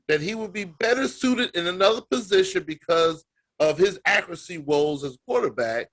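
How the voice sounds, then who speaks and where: Slightly high-voiced male co-host, emphatic and incredulous sports rant. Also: lively intonation, normal speed, fairly bright tone. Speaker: podcast co-host. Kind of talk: casual sports banter.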